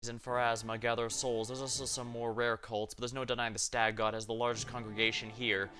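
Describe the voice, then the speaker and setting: A man voicing a humble, weathered male high priest who explains things in a calm, measured way. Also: soft background music, close to an everyday voice. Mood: earnest.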